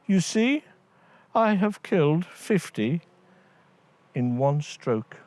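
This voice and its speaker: A man's voice: a little high, big pitch swings, slow, darkish tone, no echo, voice pushed up. A man playing a small, boastful tailor. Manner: boastful, chirpy.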